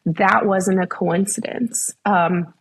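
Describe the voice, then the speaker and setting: A woman's voice: medium pitch, steady tone, slow, slight background noise. A young woman guest in a faith interview, telling her story earnestly with many fillers.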